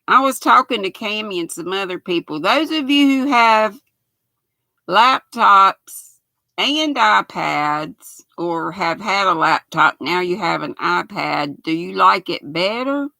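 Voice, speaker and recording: An older woman in her sixties with a raspy voice and a Southern US accent, chatting casually on a knitting livestream and reading viewer comments aloud in a folksy way. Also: medium pitch, expressive, takes it slowly, pushed and bright, dry recording. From United States. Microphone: built-in laptop mic.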